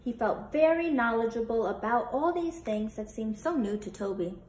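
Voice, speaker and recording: A woman teacher leading an animated interactive read-aloud of a children's book, asking the young listeners questions. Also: on the high side, normal speed. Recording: roomy with faint noise.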